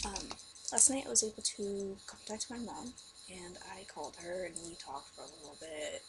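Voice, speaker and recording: A woman's voice: medium pitch, background noise. A young adult woman vlogger telling a family story in casual chat, rambling and sarcastic, with lots of fillers.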